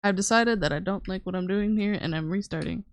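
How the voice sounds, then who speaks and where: Gravelly woman, teasing stream chat. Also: mid-range voice, brisk, dry recording. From Canada. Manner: teasing, swears freely, chats with viewers while drawing. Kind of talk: casual live-stream chat.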